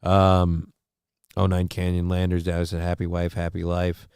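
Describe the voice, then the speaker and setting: A man's voice: low-pitched, monotone, measured pace, vocal fry, background noise. A man hosting a casual livestream, rambling crudely, reacting to clips and reading chat aloud while feeling sick. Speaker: livestream host.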